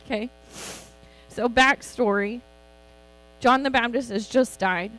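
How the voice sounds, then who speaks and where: A middle-aged woman giving an informal, chatty sermon as a Bible teacher, animated and quick to laugh. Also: fairly high pitch, poor audio.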